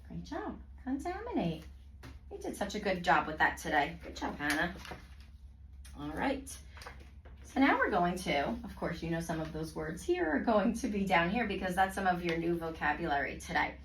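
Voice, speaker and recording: A woman tutor coaching a student through a reading lesson, with a lively, swinging pitch and frequent warm praise. She breaks words into slow, carefully spaced syllables. The sound is roomy and picked up from some distance, with faint background noise. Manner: encouraging, praising often; slow, clearly segmented word pronunciation.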